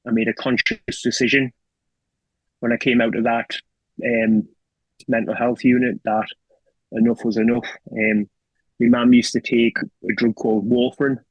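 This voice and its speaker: A man's voice: medium pitch, level tone, moderate pace, long pauses, slightly rough, no echo, highs cut off. A middle-aged man with a North East England accent speaks as an interview guest, telling his own story in a raw, emotional way with plenty of swearing and repeated "do you know what I mean". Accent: North East England (Geordie). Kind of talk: candid personal storytelling.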